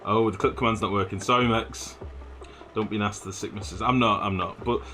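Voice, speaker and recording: A man's voice: on the low side, fairly even intonation, brisk, pushed and bright, a little hiss or hum. A man streaming a game live, rambling and swearing as he builds, often humming and mumbling to himself. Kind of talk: live gameplay commentary.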